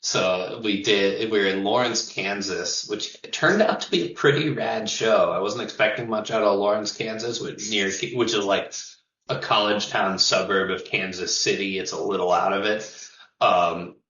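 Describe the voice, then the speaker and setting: A man's voice: lowish voice, steady tone, normal speed, pushed and bright, echoey room, distant mic, dull audio. A man who sings in a touring metal band, chatting loosely in an interview, swearing and laughing as he talks. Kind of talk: casual interview chat.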